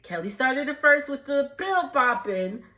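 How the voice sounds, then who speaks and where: A woman with a slightly high voice recaps a TV episode in a relaxed, unhurried way. She chats casually and breaks into laughter often between remarks. The audio sounds a little dull and muffled. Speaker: recap vlogger.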